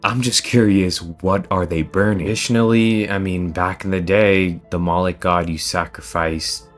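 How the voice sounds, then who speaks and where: A man's voice: deep voice, fairly even intonation, moderate pace, faint music behind. A man commenting on the topic in a video, speculating and asking himself questions as he talks. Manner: speculative, asks questions of his own. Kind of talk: opinion commentary.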